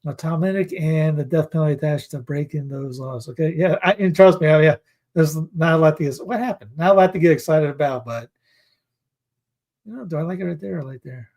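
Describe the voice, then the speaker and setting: A man's voice: on the high side, fairly quick, vocal fry, darkish tone. A man hosting a casual news commentary, reading headlines aloud and adding sarcastic, rambling asides. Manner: rambling, with many restarts and fillers.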